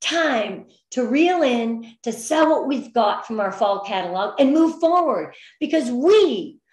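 A woman's voice: a little high, expressive, a little slow, darkish tone. A middle-aged woman giving upbeat, encouraging motivational business training to her sales team, now and then getting emotional. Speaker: direct sales team leader. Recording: echoey room.

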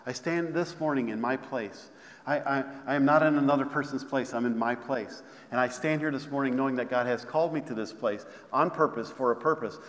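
A man's voice: medium pitch, brisk. A man preaching a sermon, repeating phrases, stumbling over restarts and calling out to the congregation. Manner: repetitive call-and-response preaching, many restarts. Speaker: pastor. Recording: long hall reverb.

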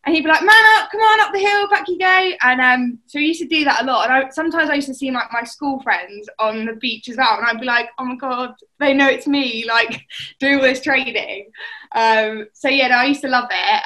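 A young English woman chats easily through her sporting memories. Her voice is bright and a touch high, and she slips into other people's voices when she quotes them. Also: poor audio. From England. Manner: chatty storytelling, acts out quotes. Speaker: netball player. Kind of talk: casual chat.

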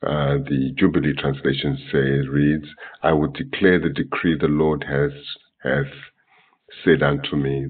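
A man with a very deep, husky voice teaches scripture, reading verse after verse in different translations. He talks in a flat, halting way, with plenty of fillers and throat-clearing. The sound is thin and tinny, as if recorded from a distance over a phone line. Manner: hesitant, many fillers and self-corrections. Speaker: Bible teacher.

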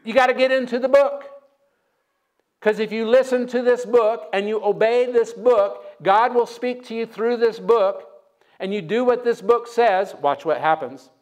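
High-voiced preacher leading call-and-response. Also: male voice, a little slow. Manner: storytelling, call-and-response with congregation. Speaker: guest preacher. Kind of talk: sermon. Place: church sanctuary.

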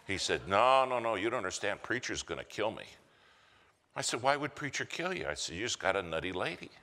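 A man's voice: fairly low pitch, sing-song, a little fast, sharp tone. An American man preaching a sermon, telling a story and acting out the voices of the people in it. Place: church sanctuary. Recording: church hall reverb.

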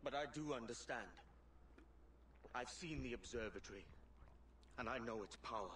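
An actor playing a determined pirate captain in a video game, talking earnestly and firmly. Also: male voice, medium pitch, moderate pace, a bit bright, a little hiss or hum, lightly acted. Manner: earnest, firm.

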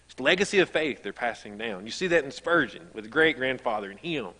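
Bright-voiced pastor in a reverberant church. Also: male voice, medium pitch, expressive, fast. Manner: conversational storytelling, rising to emphatic. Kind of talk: sermon. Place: church sanctuary.

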